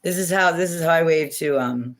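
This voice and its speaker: A woman's voice: low-pitched, a little fast. A woman hosting a casual livestream from home on her phone, rambling and chatty, laughing often and swearing now and then. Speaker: livestream host.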